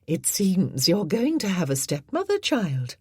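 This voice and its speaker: A woman's voice: on the low side, very animated, husky, no echo, studio quality, exaggerated voice. A woman doing an icy, spiteful grand lady. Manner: icy, superior, drawn-out. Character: cold, spiteful haughty older lady.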